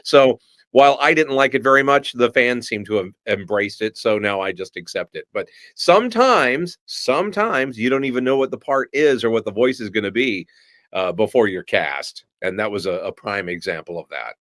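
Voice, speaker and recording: Animated middle-aged male storyteller. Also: mid-range voice, moderate pace, no room sound, studio quality. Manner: animated storyteller who slips into voices. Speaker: voice actor guest. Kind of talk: storytelling in a podcast interview.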